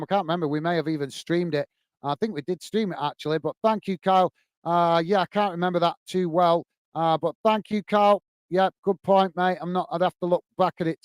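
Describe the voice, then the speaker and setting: A man's voice: high-pitched, clean tone, no echo. A man hosting a football fan live stream, reading out viewer comments and replying in a frustrated, emphatic way that repeats points. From United Kingdom. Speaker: host of a football fan channel.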